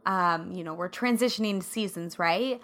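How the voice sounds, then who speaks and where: A woman from the American Midwest hosting her podcast in a casual, bubbly chat, her throat a little scratchy and hoarse as she laughs often. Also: on the low side, normal speed, fairly bright tone. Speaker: podcast host.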